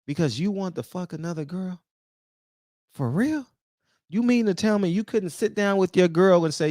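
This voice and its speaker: Fired-up man preaching with lively pitch. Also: normal speed, no room sound, studio quality. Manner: preachy, confrontational, repeats rhetorical questions. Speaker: barbershop talk show host. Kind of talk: heated casual monologue.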